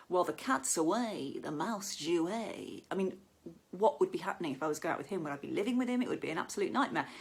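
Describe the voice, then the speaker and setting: Chatty woman doing stand-up. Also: lowish voice. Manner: chatty storytelling, acts out quoted voices. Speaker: stand-up comedian. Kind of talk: stand-up set performed online.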